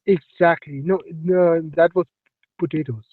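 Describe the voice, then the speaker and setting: A man's voice: on the high side, steady tone, unhurried, no room sound. A man co-hosting a casual live-stream chat who stumbles and repeats his words while politely signing off. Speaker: show co-host. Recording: tinny phone-like line, dry.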